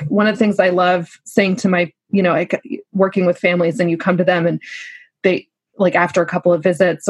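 A woman's voice: on the low side, slightly rough, no room sound. A woman working as a lactation consultant, talking in a casual, earnest and encouraging way. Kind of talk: casual podcast conversation.

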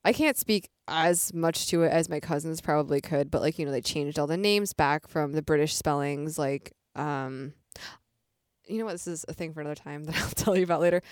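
A woman's voice: low voice, a little fast, no echo, clean studio sound. A young woman from Michigan co-hosting a podcast, chatting casually and giggling often. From Michigan, USA. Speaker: podcast co-host. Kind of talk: casual chat.

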